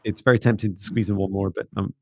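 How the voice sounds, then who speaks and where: A middle-aged man hosting a spiritual livestream, talking in a soft, gently meditative way. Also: lowish voice, little pitch movement, fast talker, dry recording. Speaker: psychic mentor and livestream host. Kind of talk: casual livestream chat and guided closing.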